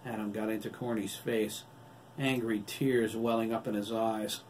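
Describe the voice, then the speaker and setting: A man, the author, reading his own novel aloud in a steady, even storytelling delivery. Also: on the low side, moderate pace. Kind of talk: audiobook narration. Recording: distant mic with faint background noise.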